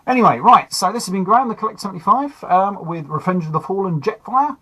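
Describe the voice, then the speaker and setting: Husky man chatting through a toy review. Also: sits high, lively intonation, fast, fairly bright tone, poor audio. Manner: chatty and easygoing, narrating while fiddling with a toy. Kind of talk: casual hands-on review.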